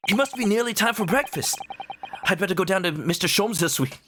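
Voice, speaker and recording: A man's voice: sits high, lively intonation, a little fast, background noise, pitched above the performer's own voice. Man doing an earnest young Japanese lawyer. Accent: light Japanese accent on English. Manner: earnest, formal. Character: young male Japanese law student, earnest.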